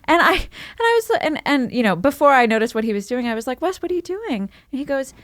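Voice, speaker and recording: A woman's voice: high-pitched, very animated, fast, dry recording, studio quality. Chatty woman telling family stories. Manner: chatty storyteller, many fillers and restarts. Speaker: podcast co-host, mother. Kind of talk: casual chat.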